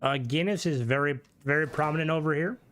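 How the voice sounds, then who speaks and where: A man's voice: on the high side, brisk, a bit bright. A man talks casually while streaming a game, rambling, swearing and restarting his sentences often. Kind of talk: casual gaming stream commentary.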